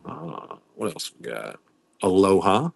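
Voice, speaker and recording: A man's voice: low-pitched, very animated, takes it slowly, vocal fry, husky, no echo. Chatty man hosting a live sale. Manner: chatty, rambling, greets viewers by name. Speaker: live-stream pin seller. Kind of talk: casual live-stream selling chat.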